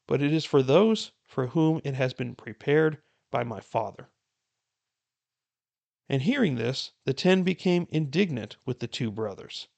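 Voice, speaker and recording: A man with a gravelly, creaky voice at a middle pitch reads scripture aloud in an earnest, unhurried way. He then slips into relaxed, chatty commentary as he explains the passage to his listeners. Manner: earnest, unhurried reading that turns to warm casual commentary. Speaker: Bible reading plan host.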